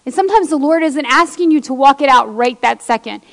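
High-voiced woman preaching in a reverberant hall. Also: expressive, fairly quick, gravelly. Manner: impassioned, reads scripture aloud, talks directly to congregation. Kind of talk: sermon.

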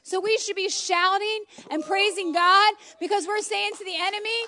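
High-voiced passionate woman preaching. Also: fairly even intonation, normal speed, pushed and bright. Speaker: homeschool mom preaching. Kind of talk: informal sermon. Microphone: phone.

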